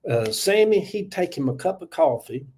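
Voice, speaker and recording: A man's voice: on the high side, big pitch swings, moderate pace, a little mellow, breathy edge. A man in his seventies with a Southern US accent, chatting casually and folksily on a morning livestream, laughing often. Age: 70s. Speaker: livestream host. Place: home.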